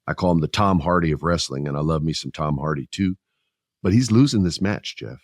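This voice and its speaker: A man hosting a casual wrestling podcast, joking and animated, sometimes mimicking people in his stories. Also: rumbling low, brisk, no room sound, studio quality. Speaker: podcast host.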